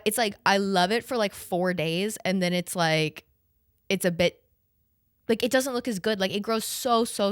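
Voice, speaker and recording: A woman's voice: mid-range voice, fairly bright tone, dry recording, clean studio sound. A young adult woman hosting a podcast, rambling and chatty with lots of "like" and casual swearing. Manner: chatty, profane and rambling, full of "like". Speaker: podcast host. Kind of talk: casual chat.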